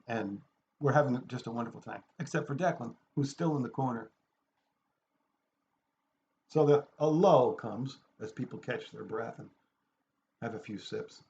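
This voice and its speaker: A man telling a personal anecdote in a lively way, acting out the people in it. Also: medium pitch, dull audio. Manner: animated, acts out the people in his story. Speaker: storyteller. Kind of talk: anecdote told aloud.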